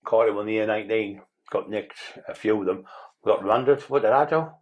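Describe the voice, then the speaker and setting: Podcast guest, male, low voice, fast and blunt storyteller who swears freely. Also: dull audio. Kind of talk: casual interview storytelling.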